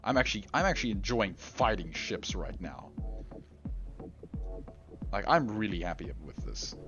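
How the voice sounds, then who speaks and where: A man's voice: fairly low pitch, very animated, normal speed. A man commenting casually on his gameplay, rambling and chuckling at himself. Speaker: gameplay video host. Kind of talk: casual let's-play commentary. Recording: dull lo-fi audio with faint game music.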